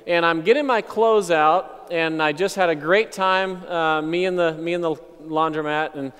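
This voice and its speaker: Smooth-voiced pastor in a reverberant hall. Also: male voice, on the high side, fairly even intonation, fairly bright tone. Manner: conversational, unhurried, reflective. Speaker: missionary pastor. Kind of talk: personal testimony storytelling.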